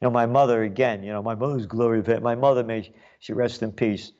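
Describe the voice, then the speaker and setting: New guy ranting on his show, sarcastic and mocking, mid-pitch voice, kinda dull lo-fi sound. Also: steady tone, a little fast. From New York. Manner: sarcastic, mocking, swings between loud jabs and muttered asides. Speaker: commentary show host. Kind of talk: ranting commentary monologue.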